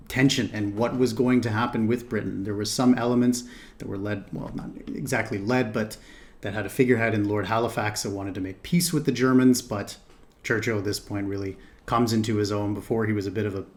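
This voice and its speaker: A man hosts a reaction video in casual commentary. He thinks aloud, hesitating and correcting himself as he goes. His voice sits a little low.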